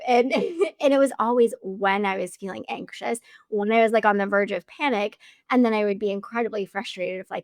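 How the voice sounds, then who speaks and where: Podcast host woman with vocal fry. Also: mid-range voice, normal speed, no echo, clean studio sound. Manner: reflective, asks long framed questions. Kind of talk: casual interview chat.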